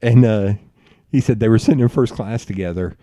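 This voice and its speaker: A man hosting a podcast, telling rambling stories in a loose, profane, animated way. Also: on the low side, a little fast, no echo, clean studio sound. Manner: animated, profane, rambling storyteller who bursts into laughs. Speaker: podcast host. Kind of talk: casual storytelling chat.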